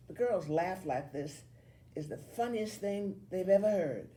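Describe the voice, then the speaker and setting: A woman reading a children's novel aloud in an expressive, animated way. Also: very deep voice, normal speed. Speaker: story reader.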